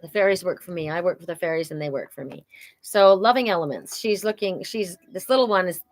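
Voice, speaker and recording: A woman giving a casual, emotional oracle card reading on a livestream, talking warmly about fairies and her own message. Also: lowish voice, fairly quick, no room sound. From Welsh heritage. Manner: chatty, emotional, spiritual, prone to laughing.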